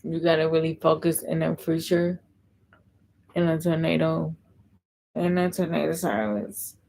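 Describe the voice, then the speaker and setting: Low, gravelly woman chatting on a live stream. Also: fairly even intonation, measured pace, warm tone, low-quality recording. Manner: chatty, reads and answers viewer comments. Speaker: livestream host. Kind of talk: casual livestream chat.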